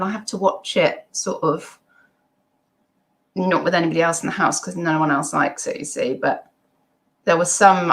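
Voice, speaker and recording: A woman's voice: fairly low pitch, fairly bright tone. A middle-aged woman, hosting a casual live stream at home, reading chat comments and rambling with many ums and asides.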